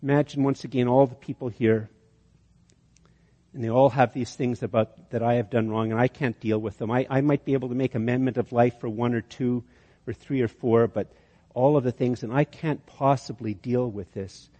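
A man's voice: medium pitch, steady tone, moderate pace, dark tone. A man preaching a sermon, telling a long illustration with many restarts and building to emphatic peaks. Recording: dull sound with long hall reverb.

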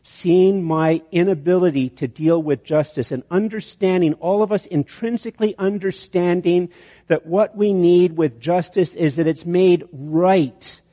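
A man's voice: high-pitched, a little slow, warm tone. A man preaching a sermon, telling an illustration story and often restarting phrases. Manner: storytelling, repeats words on restarts. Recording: long hall reverb.

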